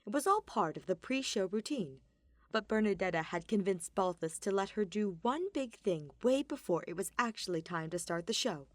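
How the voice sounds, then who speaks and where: A woman reading a story aloud in expressive scripted narration. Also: medium pitch, moderate pace, no echo. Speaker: podfic reader.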